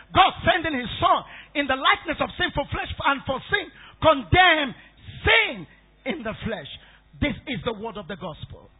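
High-voiced preacher guy, swings up and down a lot, yells questions at the crowd, sounds like a phone line. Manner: calls out questions for the congregation to answer, rising to shouts. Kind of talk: sermon.

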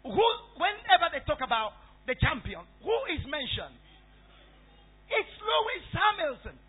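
A man preaching a sermon who calls out questions for the congregation to answer and builds to shouts. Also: extremely high pitch, sing-song, measured pace. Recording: tinny phone-like sound.

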